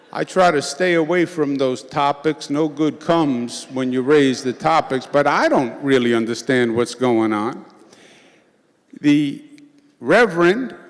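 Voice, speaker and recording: A middle-aged man with a Queens New York accent, giving an informal, joking political speech to a church congregation. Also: on the high side. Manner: joking, conversational, with filler "uh"s. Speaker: governor speaking to a congregation. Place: large church sanctuary. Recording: long hall reverb, faint crowd.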